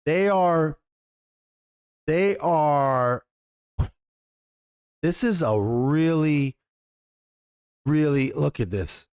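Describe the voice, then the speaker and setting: A man's voice: on the high side, extremely slow, long pauses, a little mellow, smooth. A man hosting a commentary video, ranting heatedly with lots of swearing and rambling restarts. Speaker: YouTube commentary host.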